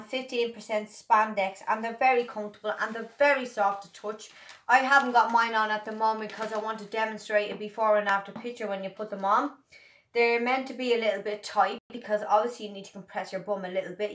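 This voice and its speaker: A woman's voice: a little high, a bit bright. A woman chatting casually to camera as she demonstrates and sells her own product, playful and upbeat. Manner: chatty, playful and upbeat, addressing viewers as girls. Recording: echoey room.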